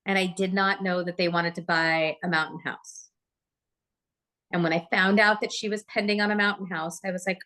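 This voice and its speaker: A woman giving a live real estate training talk, chatty and lively, often asking the audience questions. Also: lowish voice, normal speed. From Oregon, USA.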